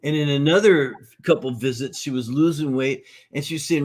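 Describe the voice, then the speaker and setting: Interviewed conversationally at a conference, this middle-aged founder of a nutrition course barely pauses, talking at a moderate pace in a slightly high voice. He tells stories with upbeat animation, voicing each character himself.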